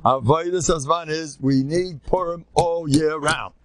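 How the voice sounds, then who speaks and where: An older rabbi tells stories to a live audience in a lively, joking manner, mimicking the people he quotes and sprinkling in Hebrew and Yiddish words. His voice sits on the higher side, and he speaks at a measured pace.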